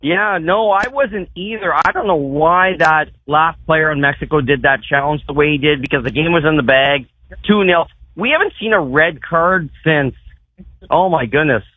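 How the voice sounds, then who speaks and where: A Canadian football superfan, a man calling in to a radio show, talking in an excited, rambling way. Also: a little high, moderate pace, no echo. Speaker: phone-in guest, football superfan. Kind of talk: casual phone interview. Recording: tinny phone line.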